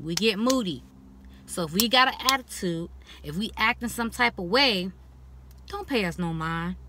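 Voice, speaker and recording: Frank, bright-voiced young woman vlogging. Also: mid-range voice. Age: young adult. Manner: animated, expressive, quoting others in mocking voices; frank and blunt. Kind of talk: casual talking-to-camera vlog.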